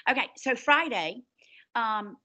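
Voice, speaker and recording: A woman's voice: on the high side, lively intonation, slow pace, bright, forceful tone. A woman with a Southern US accent, chatting on school announcements in a rambling, self-deprecating way. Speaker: school staff co-host of announcements. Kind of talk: casual chat on school announcements.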